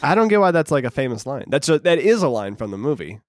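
Man, young adult, deadpan podcast banter, animated pitch. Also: no room sound, clean studio sound. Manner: deadpan, reads summary slowly and haltingly. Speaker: podcast co-host. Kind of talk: casual chat recapping a film.

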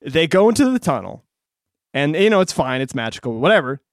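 A man's voice: fairly high pitch, sing-song, fairly quick, no room sound, clean studio sound. A young adult man co-hosting a podcast, chatty and laughing often in casual talk. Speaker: podcast co-host. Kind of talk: casual chat.

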